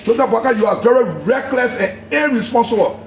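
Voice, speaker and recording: A man with a Liberian English accent delivers a heated public tirade in a very high, strained register. He hammers the same accusations again and again and breaks into shouts at times. His voice bounces around an echoey room over faint background noise. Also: a little fast. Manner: heated, accusatory, repeating himself, sometimes shouting. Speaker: politician. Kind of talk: angry public address.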